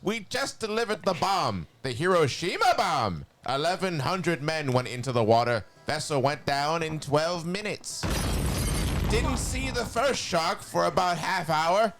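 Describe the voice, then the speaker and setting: A nasal, sneering villain sorcerer with a skeletal edge, as a man puts on a high voice. The pitch sits well above a normal speaking voice, and every line comes out as a menacing dramatic reading. It sounds like a cartoon baddie reciting a long story. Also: big pitch swings, measured pace, a bit bright, soft background music, full character voice. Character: evil skeletal male sorcerer, cackling villain. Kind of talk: dramatic monologue reading in a character voice.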